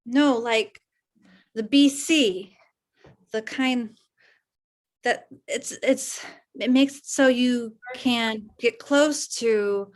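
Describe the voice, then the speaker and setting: A shy 1950s teen girl confessing a secret, played by a woman. She speaks slowly with a somewhat high voice, halting and unsure, in a live improv comedy scene. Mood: earnest.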